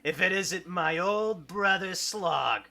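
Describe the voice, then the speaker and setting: A man voicing a gruff, greedy male orc restaurant owner who talks bluntly and smugly in an improvised tabletop game. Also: high voice, takes it slowly, bright, forceful tone, heavily acted. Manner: smug, blunt, mercenary. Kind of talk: improvised tabletop role-play.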